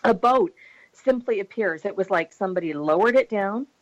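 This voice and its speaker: A woman guest on an interview show, telling a dramatic personal story in a lively, animated way with frequent laughter. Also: mid-range voice, normal speed, poor audio. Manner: animated storyteller, laughs often, mimics voices.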